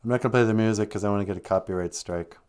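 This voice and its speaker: A man's voice: lowish voice, rapid-fire, darkish tone, clear, resonant tone. A man hosting a comedic livestream, chatting in a joking, playful way. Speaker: host.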